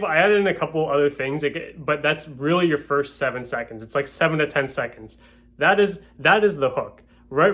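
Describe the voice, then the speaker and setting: A man's voice: a little high, fairly bright tone. A man who sells real estate, at home, giving a casual spoken lesson on door-to-door sales. He keeps checking in with his listeners and acts out door-step scripts.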